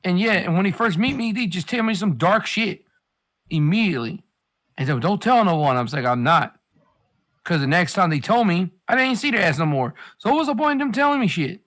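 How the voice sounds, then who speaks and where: A man's voice: sits high, lively intonation, fast, a bit bright. A man in casual chat, rambling and swearing as he hands out life advice. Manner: rambling, profane, advice-giving.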